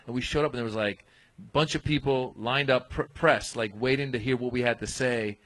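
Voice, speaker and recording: A man telling an animated story as a guest comedian on a comedy podcast. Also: mid-range voice, brisk, rough recording. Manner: animated storyteller, acts out voices.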